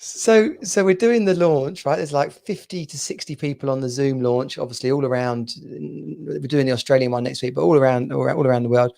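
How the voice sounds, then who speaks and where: A man's voice: medium pitch, a little fast, vocal fry, hardly any pauses, a little mellow. A man co-hosting a podcast in casual chat, rambling and repeating words, with frequent laughs, over a video call. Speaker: podcast co-host.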